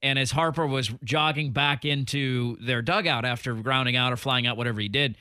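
A man's voice: medium pitch, steady tone, fairly quick, bright, forceful tone, clean tone, no room sound, studio quality. A man hosting a casual sports talk show, laughing often and reeling off statistics. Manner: chatty, laughs often, reels off stats. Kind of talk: casual sports radio chat.

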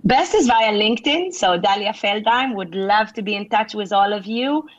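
A middle-aged woman author answering interview questions with earnest, conversational advice, filling pauses with "you know". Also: mid-range voice, expressive, dry recording. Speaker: author and leadership speaker. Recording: dull lo-fi sound.

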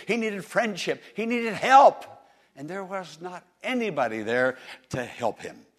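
Impassioned preacher man, voice swooping high. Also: a bit bright. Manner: impassioned, rising and falling, calls on listeners to answer. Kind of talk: sermon.

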